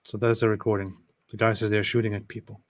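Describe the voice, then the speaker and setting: A man co-hosting a livestream, chatting casually about the clips he is watching, with flat, dry sarcastic asides. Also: lowish voice, fast. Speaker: livestream co-host. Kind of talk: casual livestream reaction chat.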